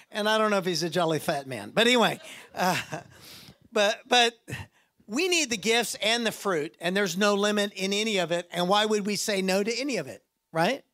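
A man preaching a sermon in a church, animated and joking, acting out voices as he goes. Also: high voice. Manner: animated, acts out quoted voices and jokes. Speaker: guest preacher.

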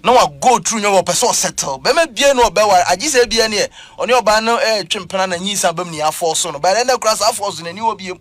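A man with a Ghanaian accent, talking as a preacher on a church talk show, lively and emphatic as he mixes Twi and English. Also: high voice, fast talker, hardly any pauses, dry recording.

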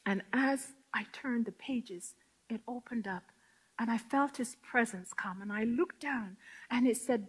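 A woman giving an impassioned testimony to a women's gathering, swinging from hushed whispers to loud, tearful outcries. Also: a little high, unhurried, slightly rough. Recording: long hall reverb.

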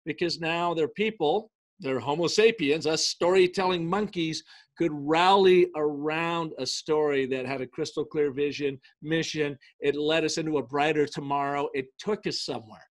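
A middle-aged man, a guest on an interview show, tells business stories in a lively way and acts out the quoted dialogue. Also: a little high, moderate pace. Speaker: guest, brand storytelling consultant. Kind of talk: storytelling in a casual interview.

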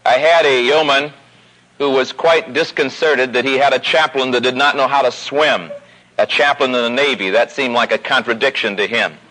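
A man preaching a sermon, telling a personal story with growing animation and pausing slowly on key points. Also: sharp tone, poor audio. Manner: storytelling, rising pitch as the story builds. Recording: old radio broadcast recording.

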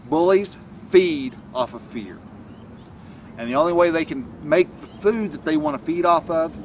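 A man with a fairly high-pitched voice gives a casual motivational talk to camera as a self-help coach, wandering off track, restarting often and using many fillers. The mic is distant and there's slight background noise.

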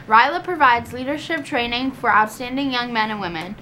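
A woman reading school announcements in a steady, informative way. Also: on the high side, brisk, a little hiss or hum.

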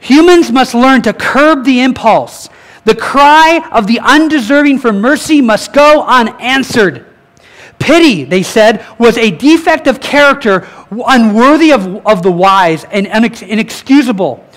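A man's voice: very high-pitched, unhurried. A male pastor giving a sermon, reading quotes aloud and asking his congregation questions, correcting himself as he goes. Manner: animated preaching, reads quotes aloud, corrects slips, asks the crowd questions.

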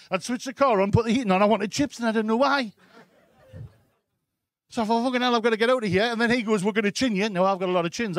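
A man's voice: high-pitched, fairly bright tone, no echo. A man with a Geordie accent doing a live stand-up set in a comedy club, telling a crude story with constant "right?" asides to the crowd.

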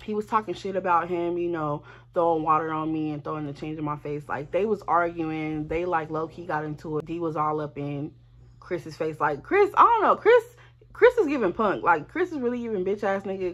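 Animated woman telling a storytime. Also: deep voice, a little fast, highs cut off. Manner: animated, profane, talks straight to viewers. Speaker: vlogger. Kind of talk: casual storytime.

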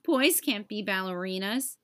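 A woman's voice: mid-range voice, expressive, a little slow, a bit bright, voice pushed down. A woman voicing a bossy, know-it-all older brother in a storybook read-aloud. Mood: insistent. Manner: smug, insistent.

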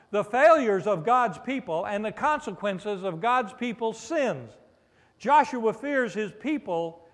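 A man's voice: high voice, a bit bright. A man preaching a sermon as pastor, calling out for amens and mixing in playful asides. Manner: preacherly, with call-and-response "amen?" and playful asides. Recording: long reverb of a large hall.

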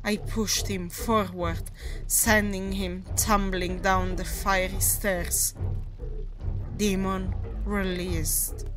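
A woman narrating a first-person horror story in a measured, deliberate way. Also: mid-range voice, little pitch movement, music in the background, poor audio.

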